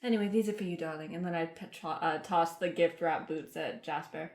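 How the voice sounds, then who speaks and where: A woman's voice: low voice, a little fast, a little mellow. A woman playing a tabletop game, playful and teasing as she describes her moves. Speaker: player. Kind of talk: casual tabletop play. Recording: roomy echo.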